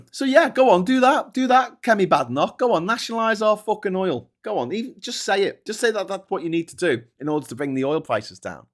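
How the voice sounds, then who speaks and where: A British man hosts a loose political commentary show, his voice sitting high for a man. He swears freely and mocks his targets with taunting sarcasm, his delivery easy and conversational. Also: sing-song, a little fast. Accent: British English. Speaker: host.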